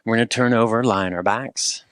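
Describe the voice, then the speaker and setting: A man leading a guided movement and rehab exercise session, cueing each step calmly with playful asides. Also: lowish voice, fairly quick, no echo, clean studio sound.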